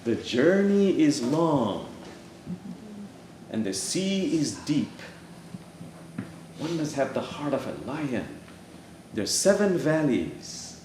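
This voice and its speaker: A man's voice: fairly high pitch, very animated, takes it slowly, pauses often, a little mellow, a little hiss or hum. A man voicing a stern prophet-like hoopoe bird. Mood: solemn. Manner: solemn, rebuking, preacherly. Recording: echoey church room.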